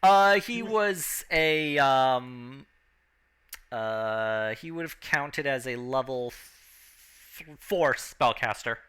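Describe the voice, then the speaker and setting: A man running a tabletop game as game master, talking with many fillers and pauses, shifting into loud crowd and announcer voices. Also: medium pitch, expressive, smooth.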